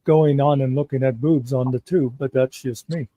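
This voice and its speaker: A man's voice: medium pitch, steady tone, normal speed, warm tone, dry recording. A man co-hosting a casual chat, teasing with dry humor. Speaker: co-host. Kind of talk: casual banter.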